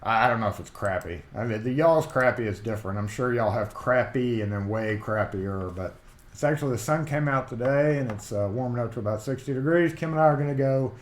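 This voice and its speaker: A man's voice: medium pitch, a little fast. Chatty Southern man in a roomy space. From Mississippi, USA. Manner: chatty, rambling, reads chat comments aloud. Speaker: livestream host. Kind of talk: casual live-stream chat. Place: home workshop. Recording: roomy echo.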